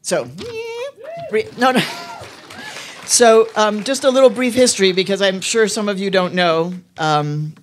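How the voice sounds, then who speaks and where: A woman in her fifties, from Mexico City and raised in Chicago, gives a keynote speech before a live audience. She tells her story in a lively way with frequent filler words, and her voice sits at a middle pitch. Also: unhurried. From born in Mexico City, grew up in Chicago. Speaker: keynote speaker. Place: arts venue event with a live audience.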